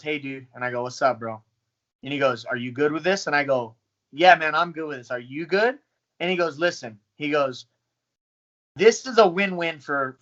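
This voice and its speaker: Profane, animated fighter with bright voice. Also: male voice, fairly high pitch, lo-fi sound. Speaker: pro fighter. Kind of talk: casual interview talk.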